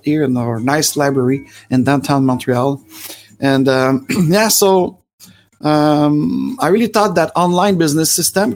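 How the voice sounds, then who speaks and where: This man's voice sits on the high side with a darkish tone. He's a French-Canadian in his forties with a Quebec French accent, hosting a live stream where he rambles, restarts, and uses many fillers.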